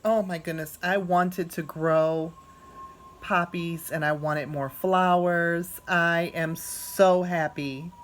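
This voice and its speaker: A woman vlogging as she unboxes a gift at home, talking softly and gushing with gratitude. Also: on the low side, a little hiss or hum. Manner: slow, soft-spoken and gushing with gratitude. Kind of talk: casual unboxing narration.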